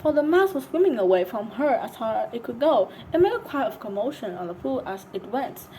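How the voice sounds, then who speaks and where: A woman's voice: on the high side, sing-song, a little fast, dark tone, slight background noise, rough recording. A woman reading a storybook aloud, narrating with some stumbles. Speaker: reader.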